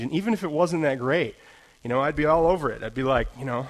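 A man preaching a sermon in a conversational way, full of "you know" fillers and self-deprecating laughs, slowing into emphatic phrases to drive points home. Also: mid-range voice. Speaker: pastor.

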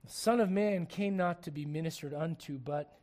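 This is a middle-aged male pastor from Puerto Rico, his voice sitting notably high for a man. He preaches to a live congregation with fervent, earnest delivery, dropping to quiet appeals and tossing in wry jokes. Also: normal speed. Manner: joking asides to the congregation. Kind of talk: sermon. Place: church service before a congregation.

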